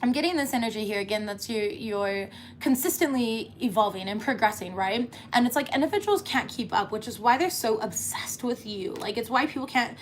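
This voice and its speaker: A woman's voice: on the high side, animated, brisk, a little hiss or hum. A woman giving a casual tarot reading, chatty and laughing often, cussing freely as she talks. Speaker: tarot reader.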